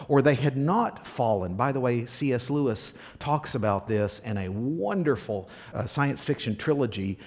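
Delivering a sermon, this medium-pitched male pastor questions his congregation, his voice moving from forceful emphasis down to quiet, almost whispered moments.

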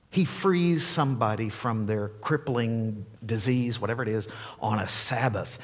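A male pastor delivers a sermon with animated, playful energy and frequent rhetorical questions. His voice is husky at mid pitch. A long church reverb trails every phrase.

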